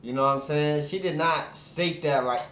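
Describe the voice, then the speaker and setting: A man's voice: fairly high pitch, moderate pace, fairly bright tone, slight background noise. Chatty man in a roomy room. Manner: chatty, repeats himself, asks the chat for agreement. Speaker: livestream host reacting to videos. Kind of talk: casual reaction commentary.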